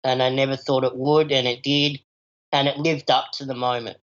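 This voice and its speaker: A man's voice: medium pitch, flat delivery, normal speed, a bit bright. A man, an actor answering interview questions in a chatty, enthusiastic way, often saying "you know". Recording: slightly dull lo-fi recording.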